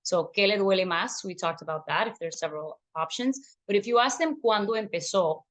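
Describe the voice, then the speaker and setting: A woman physician giving a lecture on back pain with slides, explaining clearly and mixing in Spanish phrases for patients. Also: medium pitch, brisk, a bit bright. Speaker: physician teaching medical Spanish.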